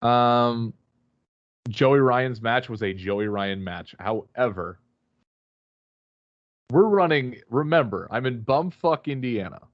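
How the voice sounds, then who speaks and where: A man's voice: mid-range voice, expressive, takes it slowly, pauses often, no room sound, dull audio. A man guest on a remote call, telling a rambling, swear-filled story with many fillers and restarts. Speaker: podcast guest, wrestler. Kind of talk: casual storytelling chat.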